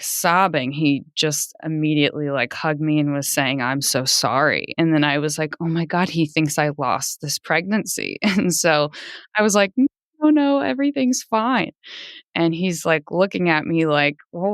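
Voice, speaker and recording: A woman in her thirties, guesting on a podcast, tells a personal story with animation, laughing often and pitching her voice up high when quoting people. The tone is clean, with no echo and clean studio sound.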